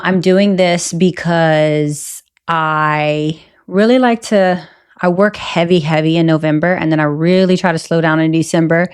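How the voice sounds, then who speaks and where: A woman's voice: on the low side, smooth. Chatty rambling woman podcast host. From American South. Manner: chatty, rambling, self-interrupting. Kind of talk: casual solo podcast chat.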